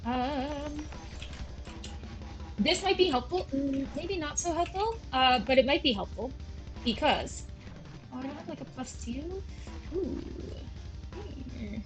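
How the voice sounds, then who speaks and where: A woman's voice: high-pitched, animated, takes it slowly, long pauses, music in the background, low-quality recording. Chatty young woman rambling over gameplay. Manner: rambling, chatty, self-deprecating. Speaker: gaming channel host. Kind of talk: casual gameplay commentary. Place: at home with her cats.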